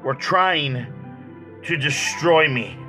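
A man, an evangelist, telling his personal testimony in a halting way, often repeating words. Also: on the high side, animated, over music, poor audio. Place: small church.

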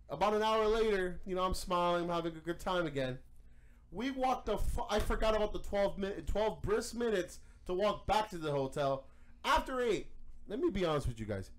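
A man hosting a podcast, telling a story in casual chat, animated and profane. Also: on the high side. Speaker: podcast host.

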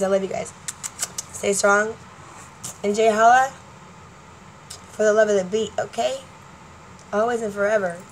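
A woman's voice: medium pitch, a little hiss or hum, low-quality recording. A woman in her forties talking casually to her fans in a vlog, rambling between topics and laughing often. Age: 40s. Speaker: vlogger.

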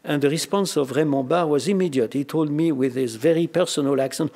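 Older French-accented man, husky voice, measured formal speaker with dry anecdotes and frequent hesitations. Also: fairly high pitch, a little mellow. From France. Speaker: speaker at a memorial colloquium. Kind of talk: formal commemorative speech.

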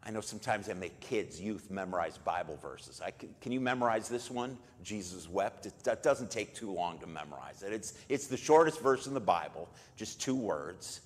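Man, low voice, pastor giving a memorial sermon, casual storytelling, booming church reverb. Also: lively intonation, normal speed, few pauses. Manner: conversational storytelling with sudden loud bursts for quoted lines.

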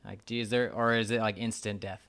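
A man with a low, smooth, resonant voice hosts a podcast. He asks his guest a curious, searching follow-up question. He talks in a plain, conversational way. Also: flat delivery, brisk, fairly bright tone. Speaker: podcast host.

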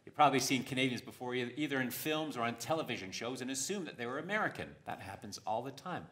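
A man performing stand-up comedy on stage, with a deadpan, punning delivery. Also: mid-range voice, fast talker. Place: stage before a live audience.

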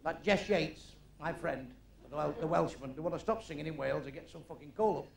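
A man's voice: a little high, creaky, background noise. Brash Northern English stand-up man. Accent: Northern English, Manchester. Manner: crude, brash joke-telling with quick asides. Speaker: stand-up comedian. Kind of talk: stand-up comedy routine. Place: live club or theatre stage. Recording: roomy live venue with crowd. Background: audience laughter.

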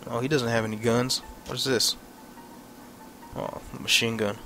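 A man's voice: medium pitch, flat delivery, normal speed, sharp tone, soft background music. A man giving casual, frustrated commentary over his gameplay, swearing and thinking aloud. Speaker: let's play gamer.

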